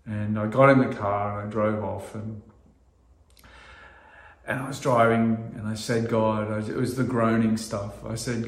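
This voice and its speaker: A man's voice: fairly low pitch, level tone. Earnest middle-aged male preacher, echoey hall. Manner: earnest, halting with restarts, rising to loud emphasis. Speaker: pastor. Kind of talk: sermon.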